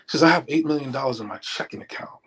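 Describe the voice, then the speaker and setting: This middle-aged man, a one-time stockbroker, is an interview guest telling casual stories and acting out what others said with lively animation. He races along in a mid-range, slightly rough voice. The recording quality is low.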